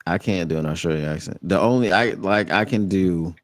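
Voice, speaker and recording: A man from Michigan hosting a casual sports chat, talking in a relaxed, halting way full of restarts. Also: low-pitched, dry recording. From Michigan, USA. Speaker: podcast host. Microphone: remote stream setup.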